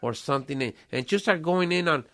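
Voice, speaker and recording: A man's voice: fairly high pitch, animated, fairly quick, fairly bright tone. A man, hosting a casual podcast chat and talking streetwise slang with Spanish phrases and swearing. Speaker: podcast host.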